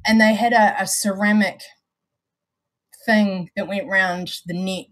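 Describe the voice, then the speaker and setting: A woman's voice: mid-range voice, fairly even intonation, slow pace, fairly bright tone. A woman with a New Zealand accent, co-hosting a casual chat and explaining things at length with lots of restarts. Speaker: vape show co-host.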